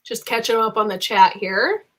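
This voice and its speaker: A woman's voice: a little high, normal speed, fairly bright tone. A young adult woman hosting a casual live chat, bubbly and rambling, with lots of fillers and giggles. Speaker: livestream host.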